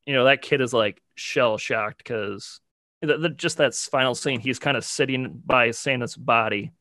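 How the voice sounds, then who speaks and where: A man's voice: mid-range voice, moderate pace, bright, forceful tone, no echo. Rambling podcast man, dry close sound. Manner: rambling, full of "like" and "you know". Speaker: podcast co-host. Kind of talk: casual chat.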